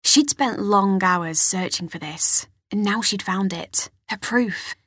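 A woman reads a novel aloud in a measured, expressive way, with a breathy, husky tone. She speaks close to the mic in a dry, dead room. Her pitch sits in the middle of the range. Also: no room sound. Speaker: audiobook narrator. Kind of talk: scripted narration.

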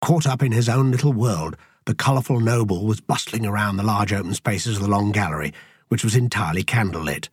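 A man narrating an audiobook in a measured, even storytelling manner. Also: on the low side, slightly rough, no echo, clean studio sound. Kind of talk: scripted narration.

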